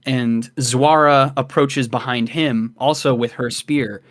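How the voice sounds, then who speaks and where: A man narrating a tabletop game as dungeon master, unhurried, with fillers between beats. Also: mid-range voice, fairly even intonation, fairly bright tone, dry recording, clean studio sound.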